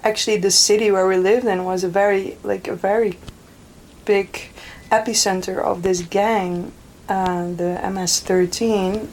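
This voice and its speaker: A woman's voice: mid-range voice, level tone, measured pace, a little mellow, a little hiss or hum, poor audio. A woman from Europe, a guest telling stories in casual chat, laughing often and rambling with fillers. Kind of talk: casual storytelling.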